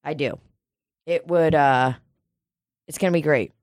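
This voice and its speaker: A woman co-hosting a podcast in casual chat, swearing a lot, excitable and quick to laugh. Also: deep voice, no echo, studio quality. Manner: profane, excitable, laughs often. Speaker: podcast co-host.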